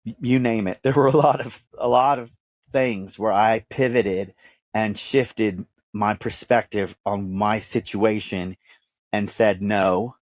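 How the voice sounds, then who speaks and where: A man in his fifties from Dallas, Texas, speaks with a Texan accent as a podcast host being interviewed, candidly telling his life story. He's earnest and emphatic, repeating phrases, in a fairly low, unhurried voice with fairly even intonation. The studio sound is clean with no room sound.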